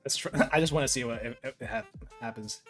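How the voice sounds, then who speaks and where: A woman's voice: a bass voice, fast talker. A woman from the Philippines hosting a stream, chatting casually and laughing as she reads and plays a text adventure, repeating phrases, with faint music behind. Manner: laughs a lot, repeats phrases while reading and typing. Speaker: streamer host. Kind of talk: casual chat while playing a text adventure.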